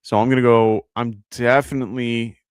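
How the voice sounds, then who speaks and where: Speaking at a moderate pace in a level tone, this New York-accented man has a medium-pitched, clear, resonant voice. He's hosting a live fantasy football stream, giving casual advice as he thinks out loud, stumbling through fillers and correcting himself. The studio-quality audio is dry.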